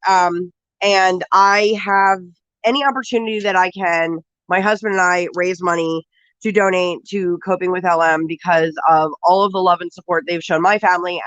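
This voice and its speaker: A woman's voice: medium pitch, a bit bright, dry recording, lo-fi sound. A woman with a cold, sniffly, hosting a casual live stream from home and chatting and greeting viewers one by one.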